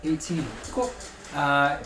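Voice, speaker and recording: A man's voice: a little high, expressive, slow. A man running a tabletop game as game master, describing scenes in a loose, rambling way full of "like". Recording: roomy recording with music behind.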